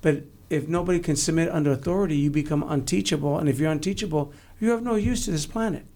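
Man guest, gravelly and a touch high, blunt and joking. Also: quick pace, dark tone. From San Antonio, Texas. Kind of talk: casual interview chat.

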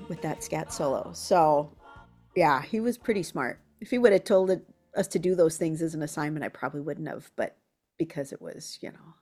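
A woman musician being interviewed, telling lively anecdotes and acting out quotes. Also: low-pitched. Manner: animated storyteller who acts out quotes. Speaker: guest musician.

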